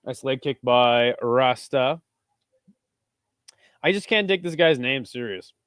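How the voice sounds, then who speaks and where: A man's voice: medium pitch, takes it slowly, no room sound, studio quality. Profane, casual man commenting on fights. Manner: casual and profane, bursts into excited shouting. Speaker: host. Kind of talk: live fight watch-along commentary.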